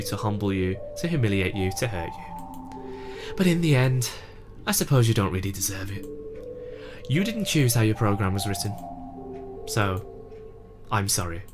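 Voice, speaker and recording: A man's voice: on the low side, lightly acted. A man voicing a proud, remorseful teenage girl club president, emotional and tearful, in a fan reading of a game. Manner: emotional, breaking into tears.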